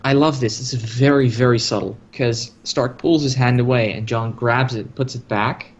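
A man's voice: medium pitch, steady tone, normal speed, slightly rough, muffled recording. A man in a casual podcast chat about a TV episode, earnestly pointing out small acting and music details he loved. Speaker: podcast co-host.

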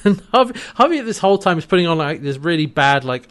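A man's voice: on the high side, fast. Man who keeps acting out characters' lines. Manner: animated retelling, acts out character lines, laughs often. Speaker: podcast co-host recapping a TV episode. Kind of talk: casual chat.

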